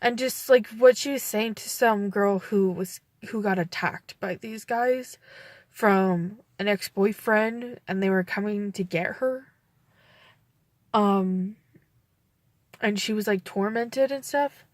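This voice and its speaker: A woman's voice: mid-range voice, slow, no room sound. Young woman vlogging, kinda teary, rambly with lots of likes, dry sound. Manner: rambling, many fillers. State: teary, near crying. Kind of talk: emotional personal vlog.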